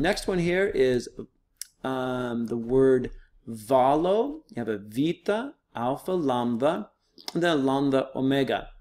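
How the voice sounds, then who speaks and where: A man's voice: mid-range voice, darkish tone. Casual, patient male teacher. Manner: casual, patient, explains step by step with fillers. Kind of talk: recorded online lesson, screen walkthrough.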